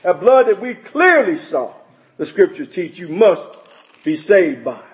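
A man's voice: sits high, big pitch swings, measured pace. A man preaching a sermon, emphatic and full of rhetorical questions, citing scripture chapter and verse. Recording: dull lo-fi recording.

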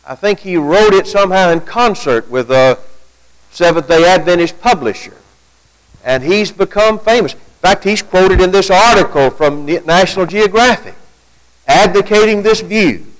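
A man's voice: high-pitched, lively intonation, moderate pace, poor audio. A man preaching an evening sermon, asking rhetorical questions and reading quotations aloud to his congregation. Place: church gathering at night.

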